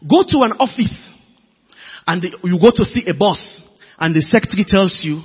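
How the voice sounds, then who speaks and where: Preacher, male, high and husky, lively delivery; dull recording, long hall echo. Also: normal speed. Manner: animated, emphatic preaching with sudden loud bursts. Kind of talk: sermon.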